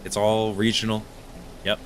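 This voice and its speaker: A young Canadian man with an East Coast accent, chatting fast and jokingly with viewers while he streams a game, full of slang and banter. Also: lowish voice, monotone, slight background noise. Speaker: livestream gamer. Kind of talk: casual chat with chat while gaming.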